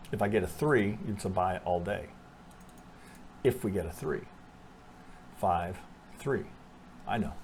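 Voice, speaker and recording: A man's voice: mid-range voice, a little hiss or hum. Blunt man thinking aloud over charts. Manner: thinks aloud with many restarts and rhetorical "right?"; blunt, swears freely. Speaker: trading analyst. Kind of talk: casual chart analysis over screen share.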